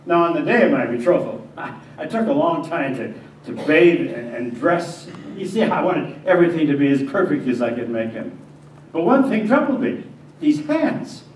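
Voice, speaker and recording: A male pastor playing a devout young carpenter, telling his story in the first person with stammers and swings between hushed and agitated moments. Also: on the high side, sing-song, moderate pace. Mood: earnest. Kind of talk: first-person dramatic monologue in a church. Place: church sanctuary. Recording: echoey church from a distance, faint hiss.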